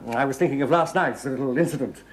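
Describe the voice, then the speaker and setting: An actor playing a smooth, genteel gentleman with a posh English accent, in a 1970s studio sitcom. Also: mid-range voice, quick pace, a little hiss or hum, lightly acted. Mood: suave. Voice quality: polished, suave, genteel. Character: smooth, posh, scheming male gentleman con man. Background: studio audience laughter.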